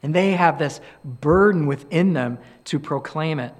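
Middle-aged male preacher, earnest and conversational, slightly higher voice, tells stories in his sermon. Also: unhurried. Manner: conversational, earnest, acts out quoted dialogue. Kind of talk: sermon with storytelling.

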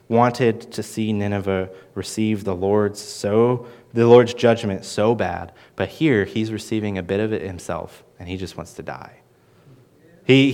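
A man teaching through a Bible passage in an earnest sermon, with lively emphasis and frequent restarts. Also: on the low side, clean tone. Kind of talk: expository sermon.

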